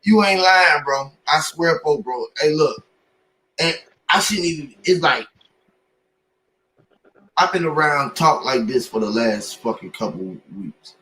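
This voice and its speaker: A man in casual podcast chat, telling stories in an animated way and acting out what others said to him. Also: a little high, a little slow, slight background noise, low-quality recording.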